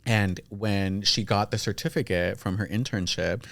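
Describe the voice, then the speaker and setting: A man's voice: on the low side, fairly even intonation, normal speed, gravelly, fairly bright tone, dry recording. A young man talking as a podcast guest in a casual, heartfelt chat. He is openly emotional and acts out his family members' lines in quoted voices. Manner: openly emotional, talks about feelings.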